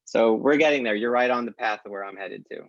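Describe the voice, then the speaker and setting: A man speaking as a guest in a casual podcast conversation, telling stories lively and acting out quoted dialogue. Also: mid-range voice, fairly quick, dry recording. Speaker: guest, tech company founder. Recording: dull lo-fi dry sound.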